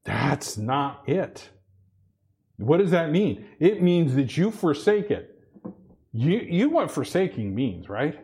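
Earnest preaching man, slightly high voice. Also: sing-song, takes it slowly, a little mellow, breathy edge. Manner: earnest preaching with frequent repetitions and restarts. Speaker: pastor. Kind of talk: sermon.

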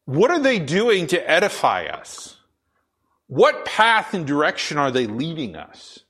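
Deep-voiced man preaching a casual sermon. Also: wildly swooping pitch, unhurried, fairly bright tone, breathy edge. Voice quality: deep, full radio-style voice. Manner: conversational storytelling, many fillers and restarts. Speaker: pastor.

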